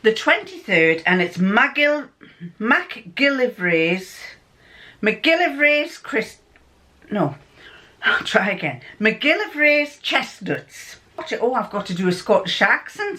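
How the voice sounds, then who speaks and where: A woman's voice: a little high, very animated, takes it slowly, sharp tone. Chatty woman vlogging, kinda scattered, keeps fixing her words mid-sentence, bouncy voice. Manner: chatty, scattered, correcting herself as she goes. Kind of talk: casual chat.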